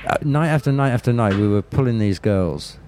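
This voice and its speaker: An interview guest from Birmingham, England, this man tells frank, profane stories in a Birmingham accent and keeps restarting his sentences. His mid-range voice is expressive and brisk, recorded against a noisy background.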